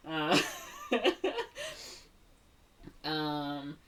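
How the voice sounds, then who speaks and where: A woman's voice: sits low, little pitch movement, extremely slow, fairly bright tone, far from the mic. A woman co-hosting a podcast, retelling a movie in a casual chat, heavy on filler words and acting out the characters' lines. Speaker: podcast co-host.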